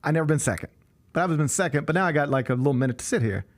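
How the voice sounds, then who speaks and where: A show host tells an exasperated story in casual chat, speaking rapid-fire in a fairly high voice. He's animated and acts out the people in his tale.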